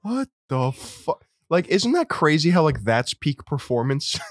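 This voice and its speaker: A man's voice: fairly high pitch, big pitch swings, unhurried, no room sound, clean studio sound. Incredulous laughing podcast man. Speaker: podcast co-host. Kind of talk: casual podcast chat.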